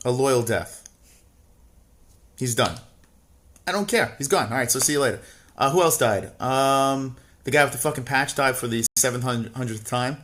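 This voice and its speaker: A man talking loosely on a livestream, swearing at almost every turn and drifting from mocking asides into loud, exasperated rants. His voice sits at an ordinary middle pitch for a man. He reads viewer messages aloud and answers them off the cuff. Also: moderate pace, pauses often. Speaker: livestream co-host reading chat. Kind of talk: casual profane chat.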